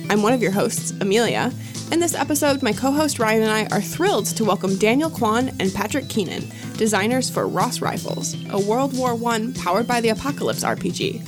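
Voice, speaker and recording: Woman host with a lively voice. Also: fairly high pitch, fairly quick, over music. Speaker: podcast co-host. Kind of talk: scripted show intro and interviewing.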